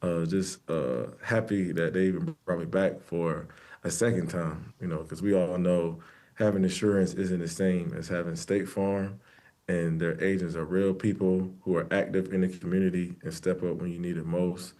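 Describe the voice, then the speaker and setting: A man in his thirties giving a casual interview as a football player. He speaks in a soft-spoken, laid-back way and fills his sentences with ums. His voice sits very low. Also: steady tone, moderate pace.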